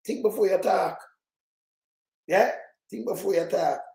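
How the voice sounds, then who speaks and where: Jamaican male commentator, heated and mocking, shouts a lot, echoey room. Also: high voice, unhurried, creaky. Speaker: political commentator. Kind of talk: ranting commentary over clips.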